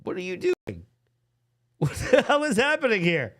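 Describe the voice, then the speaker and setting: A man's voice: very high-pitched, wildly swooping pitch, normal speed, a bit bright. A man hosting a podcast, reacting to a video with crude, exasperated commentary. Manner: profane, exasperated, laughing. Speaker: podcast host.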